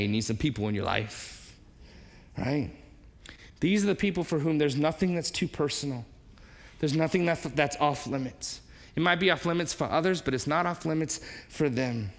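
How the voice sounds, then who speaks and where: Animated high-voiced pastor in a reverberant hall. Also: male voice. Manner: animated, acts out quoted voices, asks the congregation questions. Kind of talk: sermon. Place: church hall. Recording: long reverb of a large hall.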